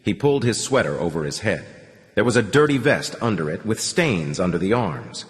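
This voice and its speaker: A man reading an audiobook aloud in an expressive storytelling way. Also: fairly low pitch, moderate pace. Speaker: audiobook narrator. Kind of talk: scripted narration. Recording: long hall reverb.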